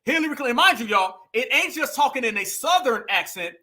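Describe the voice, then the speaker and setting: A man in talks straight to his audience like a preacher, calling them family. His voice sits high and rings bright. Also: lively intonation, a little fast. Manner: preachy, addresses viewers as family and y'all. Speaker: political commentary host. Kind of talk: casual political commentary.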